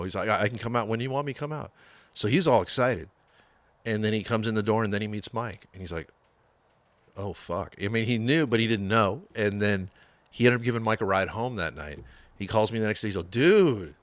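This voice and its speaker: Speaking fairly low and briskly, a middle-aged podcast guest tells stories in a casual interview, swearing a lot and acting out others' quotes with animation. The recording is dry.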